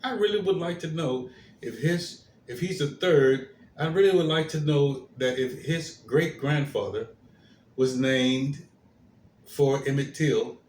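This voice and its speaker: A man hosting his own commentary stream, talking in a halting way with many fillers and restarts, his phrases trailing off softly. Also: on the high side. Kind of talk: slow, hesitant solo commentary. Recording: roomy echo, faint background hiss.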